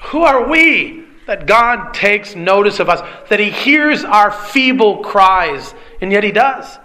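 A male pastor delivers an earnest sermon in a high, bright voice worn hoarse and strained. He leans on rhetorical questions and clears his throat often. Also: very animated, slow, few pauses. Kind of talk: expository sermon.

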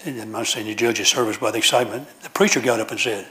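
A man's voice: on the low side, racing, pushed and bright. A man preaching a sermon in a church, telling folksy stories with frequent restarts and repeated phrases.

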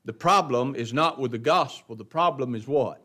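A man's voice: mid-range voice, moderate pace, pushed and bright. A man teaching an adult Bible class verse by verse, in a folksy, emphatic preaching manner that repeats words for stress.

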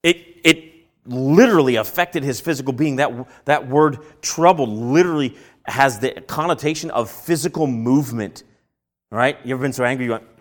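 Man, preacher, sermon, rhetorical questions, animated acted-out quotes. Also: moderate pace. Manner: asks rhetorical questions and answers them; acts out quoted voices with big jumps in pitch and loudness.

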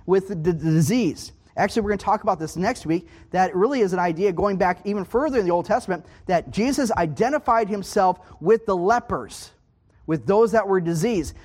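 A man's voice: sits high, darkish tone. A man giving a Bible teaching sermon in an emphatic way, repeating key points and checking in with his listeners. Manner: emphatic, repeating key phrases and asking "okay?". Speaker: preacher.

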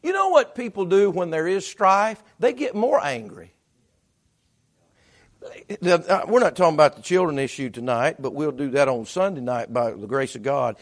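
A man preaching a sermon as pastor, talking conversationally with repeated restarts, swinging between loud bursts and hushed asides. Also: fairly high pitch, expressive, moderate pace.

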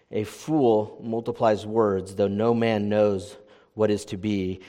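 A man's voice: medium pitch, big-room sound. A man with young kids preaching a sermon, talking conversationally and often checking in with "right?". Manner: conversational preaching, frequent "right?" tag questions. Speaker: pastor.

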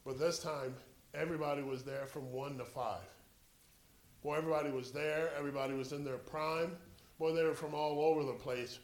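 A high-voiced man preaching a sermon, drawing his listeners in with a story. He moves from quiet, low narration to loud, urgent exhortation. The sound carries the echo of a large room. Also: steady tone, fairly quick.

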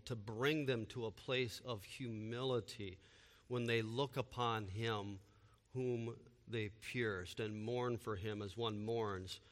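A man's voice: medium pitch, bright, forceful tone, long reverb tail. A man preaching a sermon with emphatic delivery and repeated rhetorical questions. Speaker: pastor.

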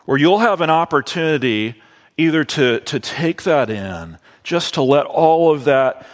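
Guy preaching a sermon, kinda high voice, real slow and deliberate. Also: expressive, in a large hall. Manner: slow and deliberate, drawing out key phrases.

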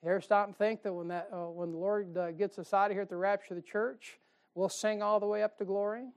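A woman preaching a Bible-study sermon, chatting with listeners through rhetorical questions and reading scripture slowly and louder. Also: medium pitch, fairly even intonation.

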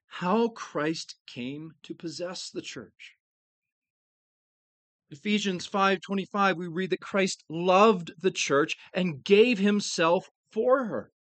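A male preacher with a rather high voice gives an earnest, emphatic sermon. He takes his time and slows right down to stress the key words. The sound is dry and close, with no room around it. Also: dry recording.

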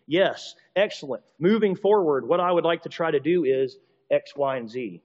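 Man, sermon, somewhat high voice, animated, stumbling restarts, dull muffled recording. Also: normal speed. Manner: animated, acts out quoted apologies in shifting voices; frequent restarts and repeated words. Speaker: pastor or teacher. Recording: dull recording with long reverb.

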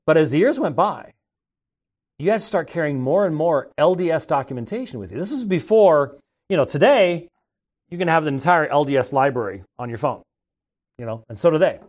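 A man's voice: on the high side, expressive, a little fast, darkish tone. Middle-aged man telling rambling stories. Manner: rambling and conversational, with frequent restarts. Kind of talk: casual anecdotal storytelling.

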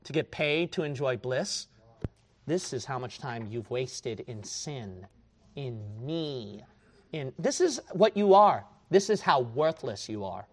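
A man preaching a sermon to his church, dropping to a hush and then rising to a shout as he mocks his listeners' excuses. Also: mid-range voice, big pitch swings, slow, slight background noise. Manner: swings from hushed to shouting, mocks excuses in whiny voice.

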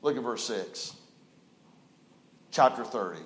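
A man preaching a sermon as pastor, telling stories folksily and swinging from loud emphasis to a hushed low voice. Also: expressive, slow pace, roomy sound, slight background noise, poor audio.

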